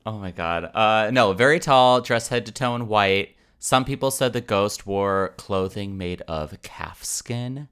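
A young man with a deep, low-pitched voice that sounds smooth and resonant. He hosts a podcast and tells a folklore tale in a relaxed chat, slipping in jokey asides along the way. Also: a little slow, few pauses. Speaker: podcast host. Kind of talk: casual storytelling chat.

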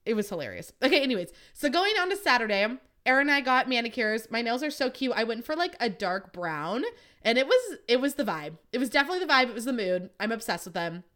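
A young woman hosts a podcast, chatting casually and swearing freely, and acts out quotes in a raised voice. Her voice is fairly high and a bit bright, with big pitch swings and a quick pace.

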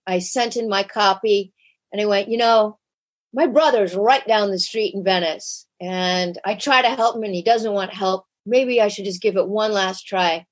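A woman guest in an interview, telling a personal story candidly and animatedly, acting out quoted lines. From United States. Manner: animated, shifts pitch sharply when acting out quotes. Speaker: podcast guest.

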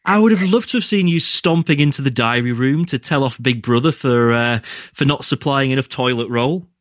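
A man's voice: medium pitch, fairly quick, no room sound, studio quality. A man hosting a podcast in casual chat, playful and giggly as he runs a quiz game. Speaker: podcast host.

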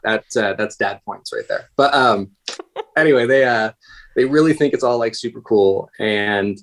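Casual male podcast guest in his thirties, mid-pitched, who tells loose, rambling stories. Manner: rambling, self-interrupting storyteller. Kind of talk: casual conversation.

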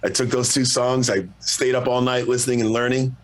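A middle-aged man, a guest singer, telling a long story in a relaxed, profane, self-mocking way. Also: medium pitch, fairly quick. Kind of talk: casual storytelling.

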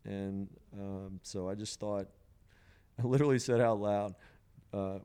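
Smooth-voiced man telling a long story. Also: lowish voice, steady tone, measured pace, dark tone. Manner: rambling, many fillers like "you know", laughs often. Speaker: podcast guest sharing a psilocybin experience. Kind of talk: casual storytelling conversation.

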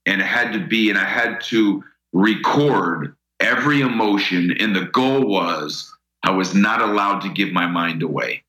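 Man, deep voice, bright tone, earnest storytelling, repeats words, echoey room. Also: measured pace. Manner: earnest, repeats words when starting sentences. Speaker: guest. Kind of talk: storytelling interview.

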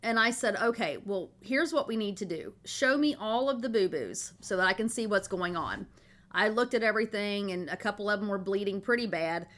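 A woman's voice: mid-range voice, lively intonation, a little fast, a bit bright. A middle-aged woman, hosting a podcast and telling a family story in a chatty, folksy way. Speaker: podcast host.

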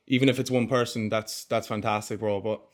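A man's voice: lowish voice, fairly even intonation, brisk. Earnest young man chatting as a podcast guest. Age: 20s. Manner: earnest, heartfelt, peppers talk with "mate" and "bro". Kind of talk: casual podcast conversation.

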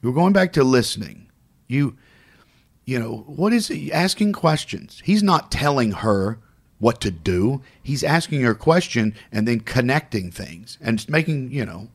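A man co-hosts a casual podcast in a mid-range, slightly slow voice. He tells a story with animation, acting out the voices of the people in it.

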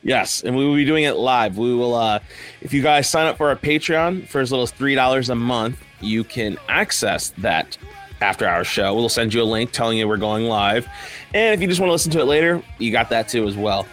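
A man's voice: mid-range voice, fairly quick, a bit bright, faint music behind. A man hosting a casual podcast, talking loosely with lots of fillers and restarts. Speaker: podcast host.

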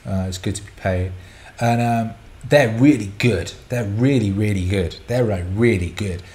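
Candid rambling man, slightly low voice. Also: normal speed, a little mellow. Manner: candid, rambling storytelling with repeated words. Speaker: podcast host answering listener questions. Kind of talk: casual chat.

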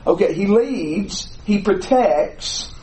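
A man leads a classroom Bible lesson in a high voice. He takes his time and lays each point out deliberately. He often stops to ask the class questions. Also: animated, mellow, slight background noise, rough recording. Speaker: Bible teacher.

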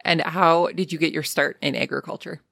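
A woman's voice: deep voice, steady tone, brisk, gravelly, a bit bright, dry recording. Upbeat Canadian woman podcast host. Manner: upbeat, chatty promo reading. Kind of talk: podcast intro and interview.

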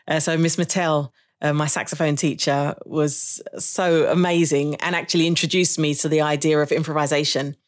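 A woman's voice: sits low, flat delivery, normal speed. Reflective woman telling stories. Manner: warm, reflective storytelling with frequent laughs. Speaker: podcast guest, jazz saxophonist. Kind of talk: conversational interview.

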